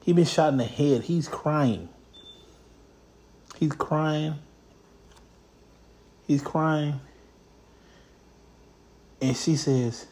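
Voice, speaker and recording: A man hosting a show, giving casual, comedic commentary on news stories in a blunt, profane, animated way. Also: on the high side, very slow, long pauses.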